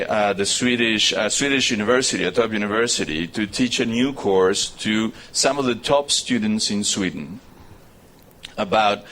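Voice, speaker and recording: A male university lecturer with an Argentine Spanish accent, a native Spanish speaker, giving a live public lecture in English with animated storytelling and frequent restarts. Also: lowish voice, a little hiss or hum.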